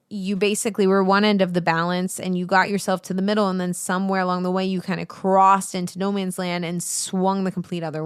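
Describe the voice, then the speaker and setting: A woman's voice: mid-range voice, no echo, studio quality. Chatty, swearing woman voice teacher. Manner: chatty, animated, swears freely, jumps between asides. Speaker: voice teacher and show host. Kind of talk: casual spoken lesson.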